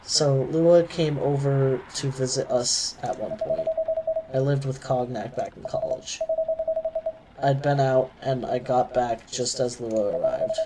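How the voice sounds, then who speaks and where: A man reading a young male elf freelancer's game lines in a casual, slightly cocky storytelling way, over loud background noise. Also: mid-range voice, measured pace, lightly acted. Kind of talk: reading game dialogue aloud.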